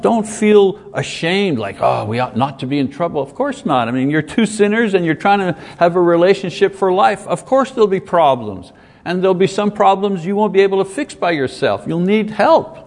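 A pastor delivers a conversational sermon, repeating key points for emphasis. His voice sits fairly high for a man. A long reverb from the church hall trails behind every phrase. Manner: earnest, conversational preaching with repetition.

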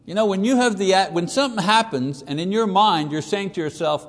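A man with a somewhat high voice teaches through a psalm in an easy, conversational way. He lifts his voice to act out the people he quotes. The sound carries a long reverb, as in a large hall. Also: brisk, few pauses. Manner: conversational, acts out quoted voices with rising pitch. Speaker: preacher teaching a Bible lesson. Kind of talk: expository Bible teaching.

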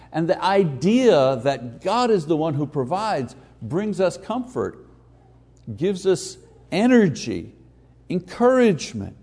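Male pastor, fairly high voice, very lively delivery; emphatic slow lines, quiet asides. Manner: animated preaching with slow emphatic phrases and sudden quiet asides. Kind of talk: sermon.

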